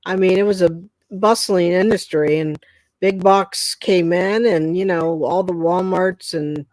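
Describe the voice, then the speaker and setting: A woman's voice: fairly low pitch, steady tone, a little mellow, no echo. A woman in her sixties from Pennsylvania, chatting emphatically as host of a casual live talk. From Pennsylvania, USA. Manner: chatty, emphatic, quick to laugh along. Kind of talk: casual chat.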